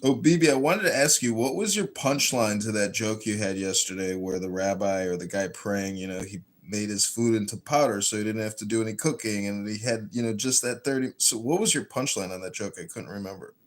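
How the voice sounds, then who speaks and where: Man, host, probing questions, lowish voice. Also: brisk, hardly any pauses. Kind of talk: casual chat.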